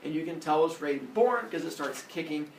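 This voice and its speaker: A man's voice: fairly high pitch, expressive, quick pace, noisy background. A male teacher retelling a myth to his class in a playful, jokey way. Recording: echoey classroom from far off.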